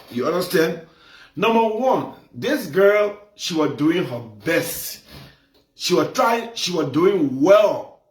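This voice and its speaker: A man talks straight to his viewers, hammering each point home by saying it again and again. His voice swings widely in pitch while his pace stays slow and deliberate. The recording carries a noticeable room echo. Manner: repetitive, emphatic, gets heated. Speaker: commentator. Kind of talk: casual commentary. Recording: echoey room.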